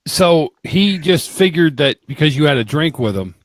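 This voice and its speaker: Podcast guy cracking up and teasing, higher voice, bouncy, dry sound. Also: lively intonation, normal speed, no echo. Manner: reactive, laughing, teasing. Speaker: podcast co-host. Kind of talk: casual banter.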